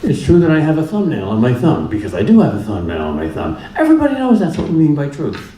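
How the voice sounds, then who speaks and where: This lecturer's voice sits a little high and swoops wildly in pitch; he talks fast, yet sounds mellow. He addresses the public in a humorous, down-to-earth way, using repetition for emphasis. Echo and faint ambience fill the room.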